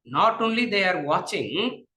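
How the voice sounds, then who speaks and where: A man's voice: high voice, sing-song, measured pace, pushed and bright, low-quality recording. A man with a Tamil accent giving a classroom lecture on philosophy, asking rhetorical questions and repeating his phrases. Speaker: spiritual lecturer.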